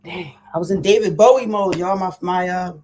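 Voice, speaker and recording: A woman's voice: fairly low pitch, fairly quick, dark tone, slight background noise. A woman hosting a casual livestream on her computer, chatting directly to her viewers with many fillers and restarts. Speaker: livestream host. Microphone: computer mic.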